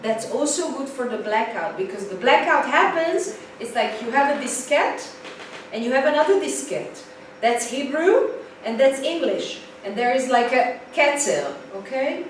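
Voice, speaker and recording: Woman teaching english, lively, says things twice, far mic, faint hum. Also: high voice, moderate pace. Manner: lively, repeats key points for emphasis. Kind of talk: live class lecture. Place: classroom. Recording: distant mic, very echoey room, faint noise.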